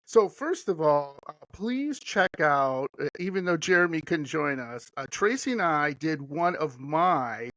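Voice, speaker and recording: A man's voice: on the high side, expressive, measured pace, hardly any pauses, fairly bright tone, no echo, poor audio. A middle-aged man as a podcast guest, chatting casually in a rambling, enthusiastic way with lots of fillers. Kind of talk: casual chat.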